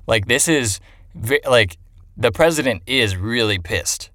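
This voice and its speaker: A man's voice: medium pitch, unhurried, long pauses, a bit bright, dry recording, soft background music. A young man, a commercial director, telling a story casually and animatedly, acting out the people he quotes and laughing at himself.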